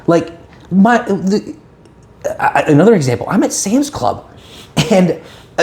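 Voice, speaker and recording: A man on the high side, speaking at a measured pace and pausing often, co-hosts a casual podcast indoors. He tells stories with animation, performing other people's quotes.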